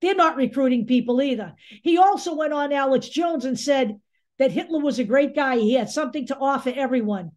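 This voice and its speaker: A woman's voice: high voice, a little fast, darkish tone. A woman hosting a political commentary show, talking angrily, bluntly and sarcastically, with some swearing. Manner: angry, sarcastic, blunt and profane. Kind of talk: opinion commentary monologue.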